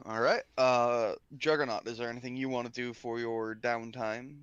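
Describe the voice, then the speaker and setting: Sleepy guy dming on a call, bright sharp voice, laughs a lot. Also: mid-range voice, fairly even intonation, normal speed, clean tone, dry recording, lo-fi sound. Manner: laid-back, often laughing. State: tired, yawning. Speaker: dungeon master. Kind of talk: running a tabletop game, casual chat.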